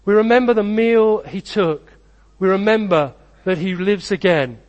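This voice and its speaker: A male pastor with a notably high voice for a man, preaching in an earnest, rhythmic way. He leans on short repeated phrases and moves easily from reading a story to addressing the congregation. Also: a little slow, a little mellow, highs cut off.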